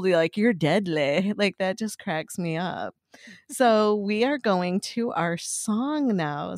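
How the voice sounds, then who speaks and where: A woman's voice: mid-range voice, dry recording, studio quality. A woman hosting a casual chat, rambling with many fillers and frequent giggles. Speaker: podcast host.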